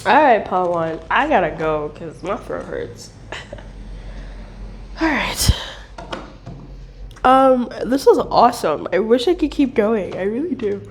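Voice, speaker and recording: A woman giving a casual tarot reading, chatty and animated, swearing and laughing as she talks. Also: medium pitch, slow pace, pauses often, reverberant, a little hiss or hum. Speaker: tarot reader.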